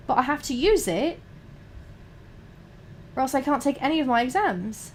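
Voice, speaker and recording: A young woman chats away to her stream while she paints miniatures. Her voice sits a little on the high side, and she rambles, swears freely and keeps restarting her sentences. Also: expressive, moderate pace, long pauses, slight background noise.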